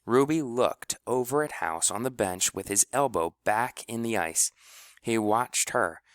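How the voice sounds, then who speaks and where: A man narrating an audiobook in a low voice that rises and falls with lively expression. The recording is close and dry, with no room sound. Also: unhurried, dry recording. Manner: expressive storytelling.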